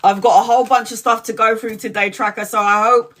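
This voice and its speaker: A woman's voice: fairly high pitch, flat delivery, brisk, a bit bright. A woman in her forties hosts a casual tarot live stream. She talks frankly and chattily, drops swear words without a second thought, and keeps calling out her viewers by name. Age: 40s.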